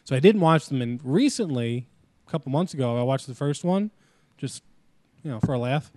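A man's voice: medium pitch, lively intonation, moderate pace, darkish tone, no echo. A man co-hosting a casual podcast chat, rambling and swearing freely.

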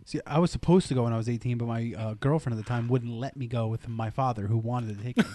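A man's voice: medium pitch, fast, warm tone. A man co-hosting a podcast, joking crudely in casual banter. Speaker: podcast co-host.

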